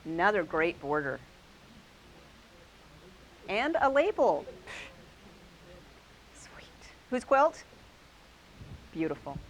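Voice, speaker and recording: A woman's voice: lowish voice, sing-song, extremely slow, pauses often, rough recording. Enthusiastic woman hosting a quilting class. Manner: enthusiastic, praising each quilt. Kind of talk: live quilt show-and-tell with a group. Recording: faint hiss.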